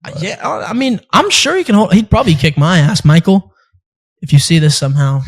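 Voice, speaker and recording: Young male host, slightly high voice, lively storyteller, swears casually, laughs a lot. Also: brisk, rough recording. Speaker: podcast host and amateur fighter. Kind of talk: casual chat.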